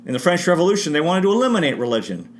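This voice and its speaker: A man's voice: on the high side, very animated, very fast, slight background noise. A man giving an unscripted history talk with spiritual asides, often restarting and correcting himself mid-sentence. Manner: rambling, frequent restarts and self-corrections. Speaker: history presenter.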